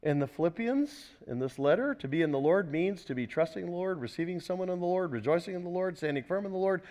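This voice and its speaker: A man preaching a sermon in a slightly high voice. He asks his listeners question after question and moves between forceful, loud stretches and quieter, softer passages. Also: expressive, fast. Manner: emphatic preaching, rhetorical questions, swings between loud and soft. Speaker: pastor.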